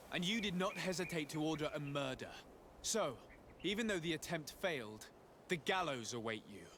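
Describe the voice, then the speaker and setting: A man's voice: fairly high pitch, a bit bright. An actor playing a stern male officer in a video game, formal and firm, heard through game audio with hiss.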